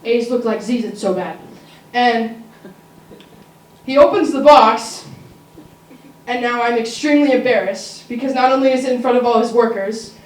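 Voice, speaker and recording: A teenage girl spins a comic personal story at a school story slam, her voice a little high. She talks casually and throws asides to the listeners. The sound is roomy and picked up from a distance, with a faint hiss underneath. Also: normal speed, pauses often. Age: teens. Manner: comic, conversational, asides to the audience. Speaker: student storyteller. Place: school auditorium.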